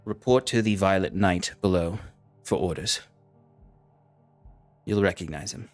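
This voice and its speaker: A bossy, contemptuous enforcer officer in heavy armor, as a man puts him on. He barks orders and scolds in a low voice over faint background music. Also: measured pace, no room sound. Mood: commanding.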